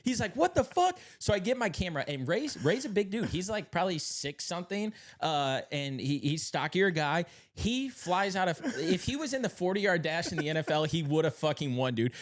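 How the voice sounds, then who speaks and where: A young man telling a story in casual chat, animated, laughing often and swearing freely, jumping up loud when he acts out what people said. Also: a little high, moderate pace, few pauses. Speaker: podcast host.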